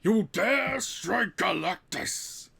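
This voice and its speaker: A man voicing an ancient male cosmic devourer who speaks in slow, booming commands, reading from a comic. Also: animated, gravelly, sharp tone, breathy edge, full character voice. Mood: scornful.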